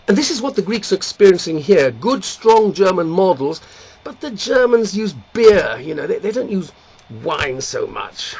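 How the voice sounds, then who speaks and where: Brief: lively joke-telling man, husky tone, dull lo-fi recording over faint guitar. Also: high voice, normal speed. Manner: animated storyteller, slips into voices and song. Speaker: comedic commentator and singer.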